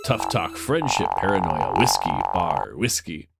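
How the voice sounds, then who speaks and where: A man's voice: very deep voice, wildly swooping pitch, measured pace, vocal fry, soft background music. A man streaming a dating game, reading its lines aloud and joking about it. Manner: joking, reads dialogue in playful voices.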